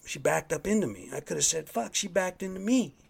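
A man's voice: sits high, expressive, fairly quick, creaky, breathy edge. A man hosting his own podcast, telling a rambling, profane story in a casual, worked-up way. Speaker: podcast host. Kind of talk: casual solo monologue.

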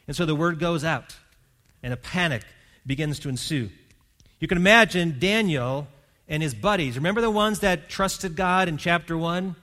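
A man preaching a sermon as pastor, telling a Bible story and voicing its characters, rising to loud emphasis. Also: fairly high pitch, animated, moderate pace.

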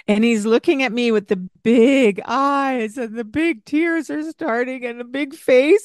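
A woman's voice: a little high, a little slow, no room sound, studio quality. A woman hosting a parenting podcast, telling a story from her time caring for a young child and acting out what each of them said. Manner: animated, acts out what she and the child said. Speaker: podcast host and childcare provider. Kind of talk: casual storytelling with parenting advice.

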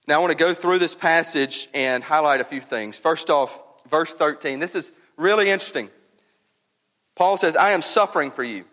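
A man's voice: on the high side, normal speed, a bit bright, big-room sound. A male pastor preaching a sermon in a conversational, emphatic way, often repeating words for stress. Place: church.

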